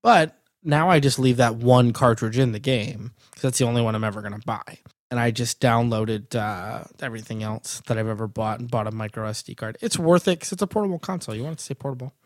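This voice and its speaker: A man's voice: medium pitch, fast, no echo, studio quality. A young man co-hosting a casual gaming podcast, playful and joking. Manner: playful, jokey, trying silly accents. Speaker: podcast co-host. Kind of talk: casual chat.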